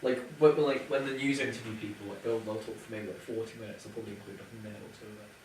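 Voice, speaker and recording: Fast-talking young man, casual. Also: fairly low pitch, fairly even intonation, a little mellow. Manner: casual, filler-heavy. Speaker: classmate giving feedback. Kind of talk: casual group discussion. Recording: echoey room from far off, noisy.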